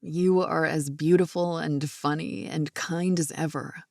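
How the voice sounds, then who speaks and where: A woman voicing a smitten grown man in a romance audiobook, speaking low, soft and affectionate. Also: fairly even intonation, unhurried, gravelly, dry recording, studio quality. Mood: tender. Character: smitten man in his thirties, tender, playful.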